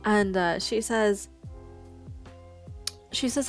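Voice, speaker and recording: A woman's voice: medium pitch, unhurried. Casual woman streamer telling stories, laughs a lot, faint music behind. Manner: chatty, laughs often, swears, acts out quotes. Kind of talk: casual stream chat, storytelling.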